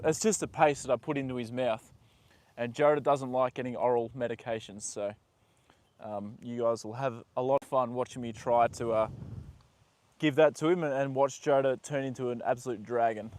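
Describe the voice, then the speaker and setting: A young man live-streaming from a horse paddock, chatting with viewers and talking softly to his horse. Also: medium pitch, steady tone, normal speed. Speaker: livestream host. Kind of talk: casual live stream chat.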